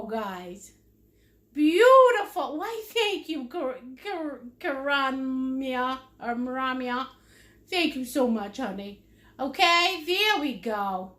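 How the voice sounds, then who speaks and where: A woman's voice: sits high, sharp tone. A woman teaching a painting lesson on a live stream. She is silly and giggly, plays with made-up words, and answers viewers' comments as she paints. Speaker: painting instructor.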